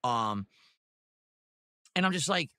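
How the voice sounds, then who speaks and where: A man's voice: mid-range voice, animated, slow pace, bright, forceful tone, clear, resonant tone, dry recording, clean studio sound. A man rambling casually to his stream audience, with many fillers.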